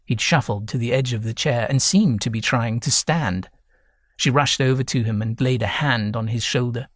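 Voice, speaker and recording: A man narrating a novel audiobook in a measured, even reading. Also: medium pitch, no room sound, studio quality. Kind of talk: scripted narration.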